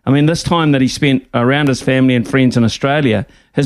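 Emphatic New Zealand talkback host. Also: male voice, mid-range voice, brisk, hardly any pauses, dry recording. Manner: emphatic, repeats phrases for effect. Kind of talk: sports talkback radio.

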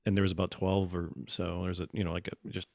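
Low gravelly man telling a story. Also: fast talker, dry recording, studio quality. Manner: animated storytelling with acted-out quotes. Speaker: guest. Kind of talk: casual conversation.

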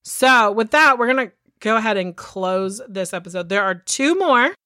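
A woman in her thirties co-hosting a podcast, recapping in casual chat and swearing freely as she gets animated. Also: fairly high pitch, moderate pace, no echo, studio quality. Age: 30s. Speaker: podcast co-host.

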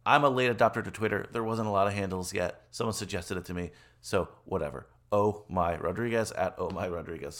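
A man's voice: on the low side, fairly quick, few pauses. A man hosting a podcast, talking in a jokey, upbeat, casual way. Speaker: podcast host.

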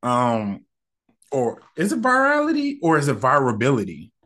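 A man's voice: medium pitch, wildly swooping pitch, normal speed, sharp tone. A young man hosting a casual solo podcast, talking in a loose, slangy, rambling and candid way. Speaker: podcast host.

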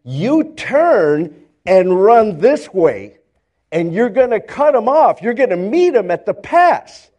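An older male pastor preaching a sermon, telling stories in animated fashion and acting out the characters, often repeating words as he builds up. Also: high-pitched, slow pace, dull audio. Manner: animated storytelling, acts out characters, stammers repeats.

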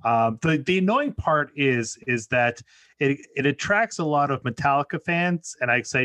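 A man's voice: mid-range voice, animated, normal speed, a bit bright, no echo. Upbeat podcast guy, chatty and joking about himself, dry close mic sound. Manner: upbeat, laughs easily, self-mocking. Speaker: podcast host. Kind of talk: casual podcast chat.

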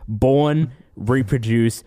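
A man's voice: medium pitch, extremely slow, mellow, no echo, clean studio sound. A young man on a podcast, rambling through his thoughts with lots of fillers in casual chat.

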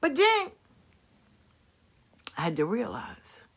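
Brief: woman vlogger, fairly high voice, swears freely, hammers points by repeating them. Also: wildly swooping pitch, takes it slowly, husky. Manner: blunt, profane storytelling; emphatic repetition. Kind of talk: casual monologue to viewers.

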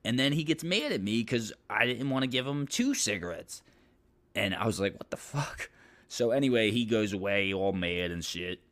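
A man's voice: on the low side, expressive, normal speed, a bit bright. A man hosting a podcast, telling a story casually, rambling and swearing with lots of filler. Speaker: podcast host.

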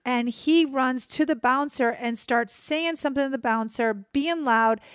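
A woman co-hosting a podcast, telling a story in an excitable, chatty way. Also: high voice, unhurried, clean tone, no echo, clean studio sound. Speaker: podcast co-host. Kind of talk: casual storytelling chat.

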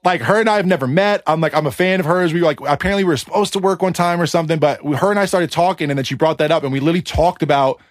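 A man telling an animated story in casual podcast chat, swearing casually and speeding up in bursts. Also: on the high side, very fast, hardly any pauses, no room sound, studio quality.

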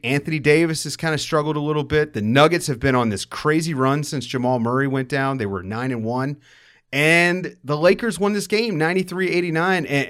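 A young adult man hosting a sports talk show, giving an upbeat, rapid run of game analysis and stats. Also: fairly high pitch, fairly bright tone.

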